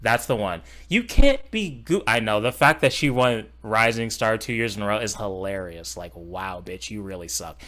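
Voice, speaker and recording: Profane, animated man ranting on stream. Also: fairly low pitch, moderate pace, few pauses. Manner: profane, heated, mocking; swings between loud outbursts and muttered asides. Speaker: streamer reacting to a video. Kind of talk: casual live-stream reaction rant.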